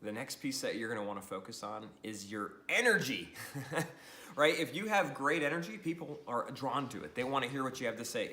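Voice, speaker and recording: A man giving an energetic social media training talk to the camera, upbeat and animated, often laughing and tagging lines with "right?". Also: mid-range voice, brisk, reverberant, slight background noise.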